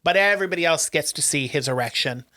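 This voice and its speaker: A man's voice: fairly high pitch, fast. A man co-hosting a podcast, casually recapping a movie plot with lots of "um"s and acted-out lines. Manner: animated storyteller, acts out lines, many "um"s. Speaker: podcast co-host.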